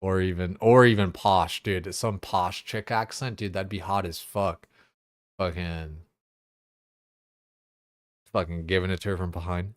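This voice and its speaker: Low-voiced, crude, rambling guy. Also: steady tone, measured pace, pauses often, no room sound, studio quality. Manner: crude, rambling, full of fillers and swearing. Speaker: game streamer. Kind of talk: casual chat while gaming.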